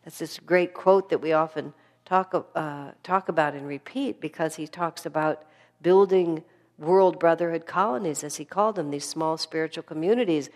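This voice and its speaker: A woman giving a spiritual class lecture, telling stories in an earnest, animated way. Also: low-pitched, normal speed. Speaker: spiritual teacher.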